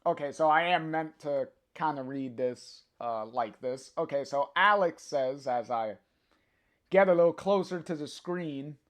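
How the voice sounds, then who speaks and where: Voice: medium pitch, a little slow. A livestreamer reading a comic aloud on stream, hesitant with many filler sounds and chatty asides to viewers.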